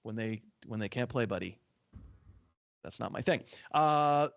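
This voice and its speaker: A man's voice: medium pitch, lively intonation, unhurried, creaky, lo-fi sound. A man hosting a casual fantasy football podcast, teasing his co-host with prodding questions. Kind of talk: casual sports podcast chat.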